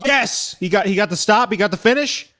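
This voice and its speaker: Animated, hoarse-edged man streaming commentary. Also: high-pitched, fairly quick. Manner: chatty, talks to himself while reacting. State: hoarse, losing his voice. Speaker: live stream host. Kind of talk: casual live commentary stream.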